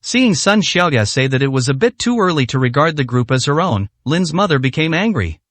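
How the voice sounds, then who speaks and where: A man's voice: a little high, brisk, no room sound. Man reading a story, dry close sound. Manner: steady reading with occasional slips. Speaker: narrator. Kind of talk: storybook narration of a translated web novel.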